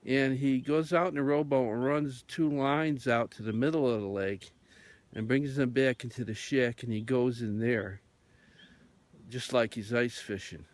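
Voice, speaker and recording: Slow, meandering male radio storyteller. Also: medium pitch, no echo. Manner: meandering, with many fillers. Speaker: radio host. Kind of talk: rambling storytelling monologue.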